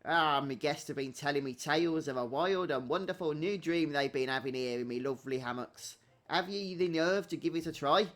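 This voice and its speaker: A man voicing a hearty male pirate innkeeper in a gruff, put-on pirate accent. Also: on the high side, brisk, fairly bright tone, soft background music, lightly acted. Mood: inviting.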